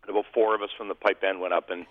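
A man's voice: sits low, flat delivery, very fast, no room sound. A man, a former hockey goalie, telling humorous, self-deprecating stories as a guest in a casual interview. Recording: tinny phone-like line.

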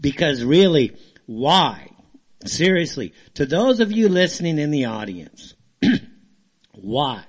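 A man's voice: fairly high pitch, very animated, slow, husky. A man hosting a call-in talk show, ranting in a heated, fired-up way. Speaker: radio show host.

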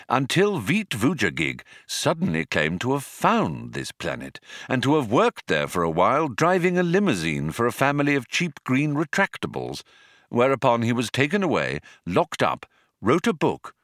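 Male audiobook narrator, low voice, very lively pitch, dry wry delivery. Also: no echo. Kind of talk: scripted narration.

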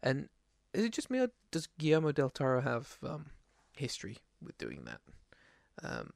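A man with a gravelly, creaky voice talks casually about films on a podcast. He rambles and restarts often. The sound is dry and close, with no room around it. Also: mid-range voice, huge pitch swings, moderate pace, no room sound. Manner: rambling, lots of restarts and fillers. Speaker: podcast co-host. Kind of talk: casual film chat.

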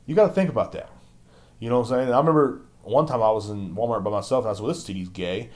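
A man's voice: very fast, a little mellow. A young man hosting his own podcast, ranting with constant swearing and mocking other people in silly voices. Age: young adult. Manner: profane, ranting, mocks others in squeaky voices. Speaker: podcast host. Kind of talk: angry solo rant.

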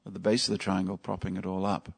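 With a completely flat, fast delivery, the lecturer's low voice has vocal fry and a breathy edge. During the temple devotional class he tells stories casually and poses questions to the audience.

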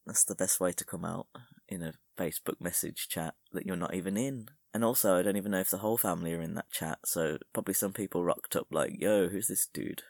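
A young man with a low, gravelly voice rambles through a solo podcast. His humour is crude and self-mocking. The sound is close and dry, with no room around it. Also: fast, no room sound. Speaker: podcast host.

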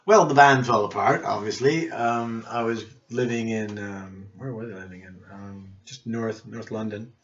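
Man, from Nova Scotia, middle-aged, gravelly voice, rambling anecdotes, lo-fi sound. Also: lowish voice, moderate pace, few pauses. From Cape Breton Island, Nova Scotia, Canada. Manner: rambling, warm anecdotal storytelling with restarts. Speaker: guest musician. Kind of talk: casual storytelling interview. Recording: muffled lo-fi podcast recording.

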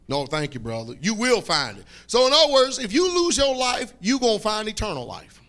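A man delivers a fiery sermon in a high voice with huge pitch swings, speaking a little fast with few pauses. He repeats phrases, calls for responses, and breaks into shouts.

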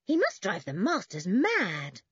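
A woman voicing a timid young girl who squeals in fright, with a piercing, shrill tone. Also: huge pitch swings, measured pace, fairly bright tone, slightly rough, no room sound, muffled recording, full character voice. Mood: soothing.

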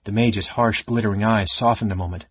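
A man narrating a fantasy novel in a steady, measured reading. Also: fairly low pitch, slightly rough, no echo, lo-fi sound. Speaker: audiobook narrator. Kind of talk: scripted narration.

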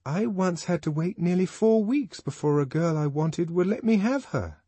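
A man's voice: sits high, animated, normal speed, dark tone, husky, no room sound, pitched above the performer's own voice. A man voicing a nervous teenage boy student in an audiobook, speaking hesitantly.

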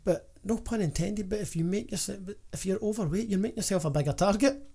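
A man's voice: high voice, quick pace, dark tone, breathy edge. A Scottish man co-hosting an audio podcast, talking frankly in casual chat and often restarting his sentences. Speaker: podcast co-host. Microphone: audio-only podcast mic.

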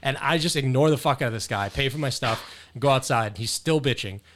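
Young male podcast host, mid-pitched, swears freely, rambles through anecdotes. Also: brisk, a bit bright, slight background noise. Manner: profane, rambling storyteller. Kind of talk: casual chat.

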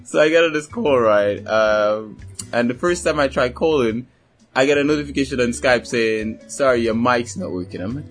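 Animated man telling a story. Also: mid-range voice, normal speed, faint music behind. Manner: animated storytelling, acts out voices, swears, laughs often. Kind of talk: casual chat.

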